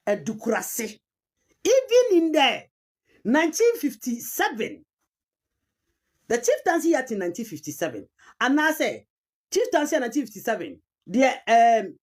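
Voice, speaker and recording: Ghanaian woman commentator, argumentative and insistent, higher voice with swinging pitch. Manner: emphatic, repeats key terms, mixes Twi with English. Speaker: commentator on chieftaincy history.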